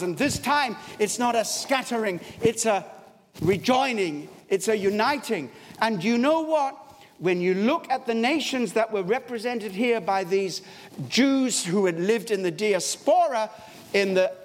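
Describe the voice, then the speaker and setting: A man preaching a sermon in a church, emphatic and storytelling, with wide swings in his voice. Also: high-pitched. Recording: long hall reverb, faint background noise.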